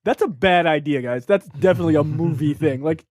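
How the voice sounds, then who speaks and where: High-voiced man telling a story. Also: brisk, dry recording, clean studio sound. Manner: profane, animated storytelling with many fillers. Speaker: podcast host. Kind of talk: casual chat.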